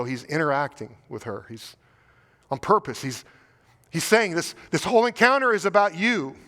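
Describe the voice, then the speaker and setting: An American man delivers a sermon in a fairly high voice, earnest and pleading. He stacks rhetorical questions and doubles back on his words. The sound rings with the long reverb of a church hall. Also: a bit bright. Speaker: pastor. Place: church sanctuary.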